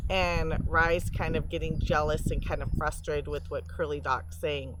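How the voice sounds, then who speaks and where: A woman reading a storybook aloud to children, pausing to explain words and pictures in a gentle way. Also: low-pitched, steady tone, noisy background.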